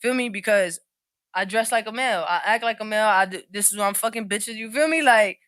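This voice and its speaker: A woman on a podcast panel, talking street in loose, candid, rambling turns. Her voice is bright and forward, and it sounds dry and close with no room echo. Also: medium pitch, fairly quick. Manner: rambling, restarts often. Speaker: podcast guest. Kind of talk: casual panel chat.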